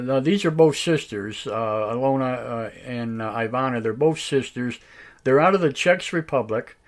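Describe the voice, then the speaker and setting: A man hosting a live online radio show, talking in a halting, casual way with many fillers and restarts, his voice a bit raspy tonight. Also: mid-range voice. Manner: slow, drawn-out talk. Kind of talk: casual live-stream talk.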